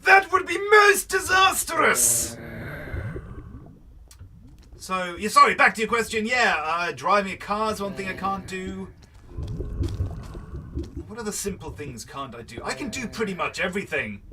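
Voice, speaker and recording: A man's voice: sits high, animated, normal speed, noisy background. A man, rambling playfully through let's play commentary. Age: early 30s. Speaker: gaming host. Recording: slightly distant mic, background music. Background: background music.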